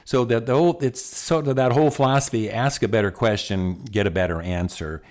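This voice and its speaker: A man's voice: mid-range voice, brisk, a little mellow. An older man giving a casual, folksy talk about the mind, often repeating words and chuckling. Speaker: speaker on self-talk and the mind.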